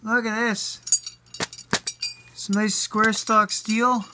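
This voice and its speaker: A woman recording an unboxing vlog for her hobby. She gushes in slangy, excited speech, swears now and then, and stammers over her words. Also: fairly high pitch, very slow, background noise. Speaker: RC hobby vlogger.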